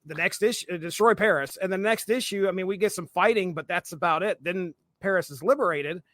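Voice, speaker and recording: A man co-hosting a comics podcast, talking through his thoughts in a loose, rambling way, full of fillers and restarts. His voice sits a bit high and sounds dry and close to the mic. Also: brisk, fairly bright tone, dry recording. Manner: rambling, hesitant, with many fillers. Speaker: podcast co-host. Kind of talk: casual chat.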